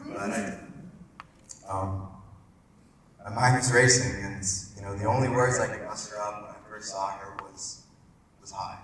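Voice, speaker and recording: A man's voice: lowish voice, fairly even intonation, moderate pace, long pauses, a bit bright. A young man giving a heartfelt wedding speech as the groom, earnest and emotional, with plenty of fillers. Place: large wedding reception hall. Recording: echoey hall from far off, noisy.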